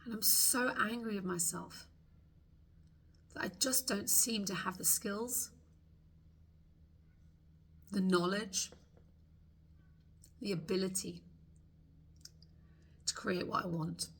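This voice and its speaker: A woman leading a guided tapping meditation, slowly voicing frustrated thoughts for the listener to repeat. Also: mid-range voice, a bit bright, a little hiss or hum. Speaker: tapping coach.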